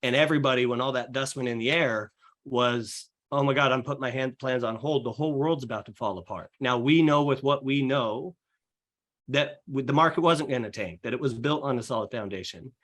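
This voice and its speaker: Fast and full of fillers, a young real estate agent explains things energetically on a casual podcast where he's a guest. His voice sits in the mid range, and he acts out quotes from his clients.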